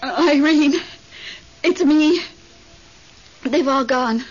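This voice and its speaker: A woman's voice: high-pitched, extremely slow. An actress playing a grieving middle-aged widow who speaks to friends and her late husband. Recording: muffled old radio recording.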